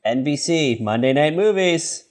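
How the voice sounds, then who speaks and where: A man's voice: fairly high pitch, unhurried. A man in his thirties co-hosting a podcast, joking around in casual chat. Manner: playful, joking, lively. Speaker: podcast co-host.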